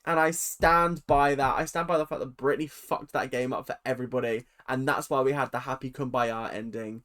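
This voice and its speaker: A man's voice: medium pitch, fairly even intonation, a little fast, a bit bright. A young man recapping a reality show episode on his vlog, opinionated and rambling, drifting off on tangents and sounding tired. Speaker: reaction vlogger.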